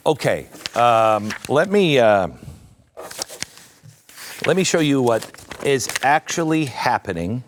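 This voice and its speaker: Male talk-show host, slow delivery with a lot of pitch swing, sarcastic political commentary. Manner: sarcastic, mocking asides.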